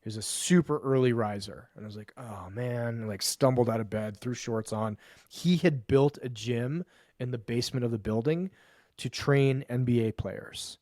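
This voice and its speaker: A man telling a personal story as a podcast guest and men's coach, emphatic and profane, piling up quick lists. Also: medium pitch, a little mellow, dry recording, studio quality. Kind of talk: animated storytelling in conversation.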